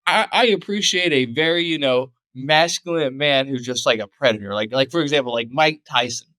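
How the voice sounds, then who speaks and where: A man's voice: mid-range voice, brisk, bright, forceful tone, no room sound. A man hosting a podcast, talking casually and stammering through his thoughts with many restarts. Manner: rambling and stammering, with frequent restarts. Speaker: podcast host.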